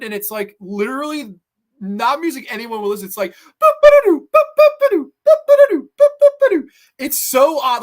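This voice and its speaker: Man, horror reviewer, casual countdown, animated, swears a lot, does quick impressions. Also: sits high. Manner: animated, profane, acts out quotes in funny voices.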